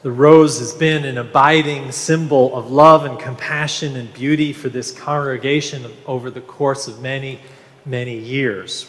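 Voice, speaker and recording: A man preaching a sermon as minister, slow and measured with gentle humor. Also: mid-range voice. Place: large church sanctuary. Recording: long reverb of a large hall.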